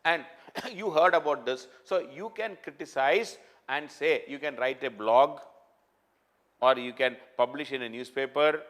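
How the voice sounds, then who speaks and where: A man's voice: mid-range voice, a little slow, fairly bright tone. A man giving a spoken lecture, emphatic and repetitive, often restarting his sentences and using fillers. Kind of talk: classroom lecture.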